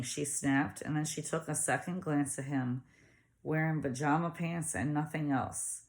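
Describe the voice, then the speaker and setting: A woman narrating a novel aloud in a steady storytelling manner. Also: sits low, measured pace. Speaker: audiobook reader. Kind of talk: audiobook narration.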